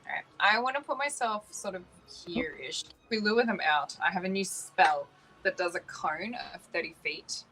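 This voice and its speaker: A woman's voice: fairly low pitch, normal speed, sharp tone, rough recording. An Australian woman playing a tabletop game online, chatty as she explains her spells and their rules. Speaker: player. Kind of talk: casual tabletop game chat.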